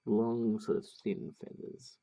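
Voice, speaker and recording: A man's voice: fairly low pitch, completely flat delivery, takes it slowly, warm tone, highs cut off. A man narrating a drawing tutorial casually, thinking aloud with many fillers and restarts. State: has the hiccups.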